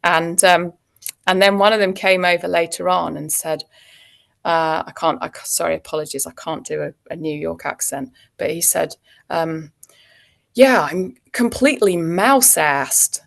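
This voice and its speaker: A woman's voice: on the low side, little pitch movement, moderate pace, vocal fry, fairly bright tone. A woman, an actor chatting as a guest and telling anecdotes with frequent ums and laughs. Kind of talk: casual interview chat.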